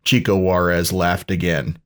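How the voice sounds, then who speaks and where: A fairly low-voiced man reads out a send-up of a pulp tale, taking his time at a very leisurely pace. His delivery stays flat and deadpan throughout.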